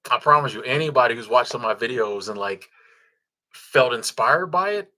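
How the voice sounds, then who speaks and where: A man's voice: medium pitch, bright, forceful tone. Laid-back man chatting on a livestream. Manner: laid-back, chuckling, many ums and restarts. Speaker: livestream host. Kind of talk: casual live chat reading comments.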